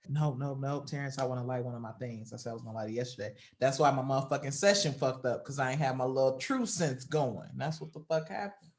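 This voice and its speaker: A man's voice: mid-range voice, quick pace. A man co-hosting a casual podcast, talking in a laid-back, joking way with some cursing. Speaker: podcast co-host.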